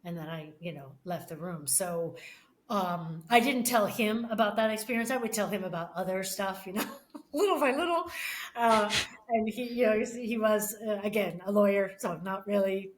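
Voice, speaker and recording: A middle-aged woman, a podcast guest, telling a personal story with many restarts and pauses, often emotional. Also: medium pitch. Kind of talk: casual conversation.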